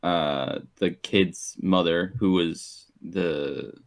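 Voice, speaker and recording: A man with a very deep voice, chatting casually. He speaks bluntly, swears and airs his complaints freely. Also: steady tone, extremely slow. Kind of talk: casual chat.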